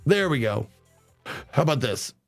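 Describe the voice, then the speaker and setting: A man streaming a game live, chatting excitably, swearing casually and reading the game's text aloud. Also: mid-range voice, normal speed, soft background music. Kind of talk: live let's play commentary.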